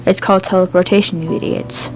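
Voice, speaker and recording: A woman's voice: on the low side, fairly even intonation, fast, soft background music, lightly acted, low-quality recording. Woman doing a curt, mocking voice in the head. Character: cold, mocking disembodied voice in the head.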